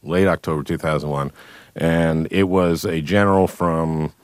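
Low-voiced guy rambling thru a story, lots of restarts and little laughs, dry studio sound. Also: steady tone, no room sound. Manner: halting storyteller with chuckles and restarts. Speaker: guest comedian. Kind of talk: anecdotal radio interview.

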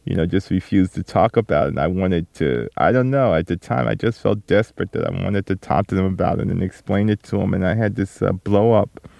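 A middle-aged man answering interview questions slowly and reflectively, with many fillers and restarts. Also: low voice, creaky, darkish tone, no room sound. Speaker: interview guest, author.

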